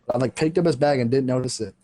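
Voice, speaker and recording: A man's voice: medium pitch, racing, warm tone. A teenage boy casually telling a school story on a podcast, full of fillers and laughing as he goes. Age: teens. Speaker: podcast co-host.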